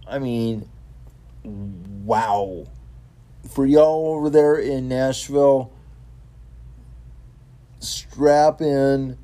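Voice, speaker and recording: A man's voice: mid-range voice, extremely slow, long pauses, dark tone. A man hosting a casual solo talk show about wrestling, talking enthusiastically with many fillers, restarts and repeated words. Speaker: podcast host.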